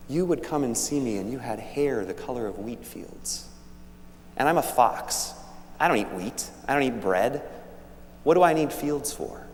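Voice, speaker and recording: A man voicing a wary but gentle male fox who explains things slowly and tenderly. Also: mid-range voice, natural voice. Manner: slow, patient, tender explaining. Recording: echoey church hall, faint hum.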